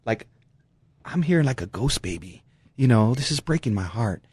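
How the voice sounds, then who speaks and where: Man, talk host, rambling, laughs a lot, lively intonation, close dry mic. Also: mid-range voice, moderate pace, breathy edge, dry recording. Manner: rambling storyteller, laughs often. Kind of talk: casual radio show chat.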